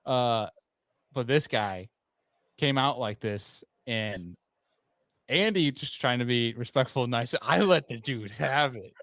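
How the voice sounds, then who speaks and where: A man's voice: mid-range voice, unhurried, no echo. A man hosting a podcast, telling stories in a casual chat and acting out the people in them. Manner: animated storyteller, acts out quoted people. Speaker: podcast host.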